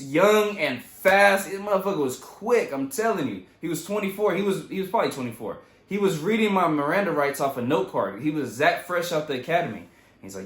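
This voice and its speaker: A young man casually retelling his own story in a loose, profane, animated way. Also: on the high side, roomy sound. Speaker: vlogger.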